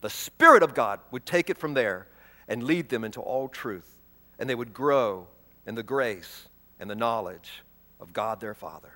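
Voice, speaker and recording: A man preaching a sermon, reading scripture aloud and stressing key words with repetition, moving between loud proclamation and soft, hushed delivery. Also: medium pitch, lively intonation, moderate pace. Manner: emphatic, repeats key words, swings from loud proclaiming to soft near-whisper.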